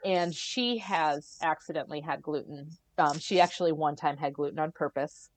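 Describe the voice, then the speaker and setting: A middle-aged woman guest on a podcast, telling her story in a casual, animated way, often acting out what others said and laughing. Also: low voice, normal speed.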